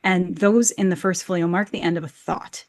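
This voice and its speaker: A woman's voice: fairly low pitch, steady tone, moderate pace, dry recording. A woman who acts and coaches, explaining verse with enthusiasm in a podcast interview and chanting beats to show rhythm. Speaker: actor and Shakespeare coach.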